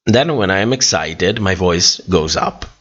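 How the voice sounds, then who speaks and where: Slow, low-voiced tired man on stream. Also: lively intonation, fairly bright tone, slightly rough. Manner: rambling, many fillers and restarts. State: tired, voice worn out. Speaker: livestream host. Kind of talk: casual livestream chat reading comments. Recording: dull lo-fi stream audio.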